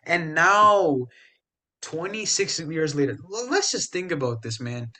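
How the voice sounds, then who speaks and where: A young man on a casual sports podcast, trash-talking rivals with big emphasis. His voice sits a bit high for a man. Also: expressive, a little slow, bright, forceful tone. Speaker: podcast co-host.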